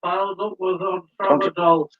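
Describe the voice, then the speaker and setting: Man co-host, high voice, ill with a chest cold, short off-mic remarks, muffled lo-fi sound. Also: fairly even intonation, normal speed, dry recording. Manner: brief off-mic interjections. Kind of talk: casual chat.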